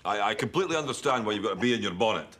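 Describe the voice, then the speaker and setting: A man playing a pompous, over-apologetic bald police chief with a Scottish accent, giving a stiff, deadpan press statement. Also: lowish voice, racing. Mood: solemn.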